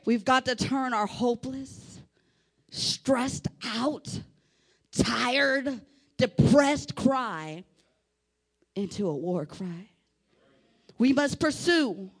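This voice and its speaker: A woman preaching a sermon with fervent delivery, building to shouts and calling on the congregation to repeat after her. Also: fairly high pitch, takes it slowly, pauses often, breathy edge.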